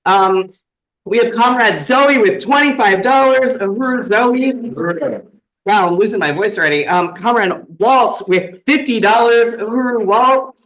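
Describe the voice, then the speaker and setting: A man with a high voice hosts a conference segment, calling out donors one after another. He keeps it upbeat, saluting each name with a faint hiss of noise behind him. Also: unhurried, fairly bright tone, poor audio. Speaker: conference emcee. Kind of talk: reading out donor names at a conference.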